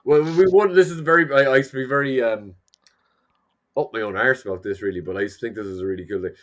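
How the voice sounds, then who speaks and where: A man's voice: medium pitch, fast talker, fairly bright tone. A man from Ireland with a Mayo accent, chatting casually as a podcast co-host and telling meandering stories. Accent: Mayo Irish. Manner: rambling, meandering storyteller. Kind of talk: casual chat.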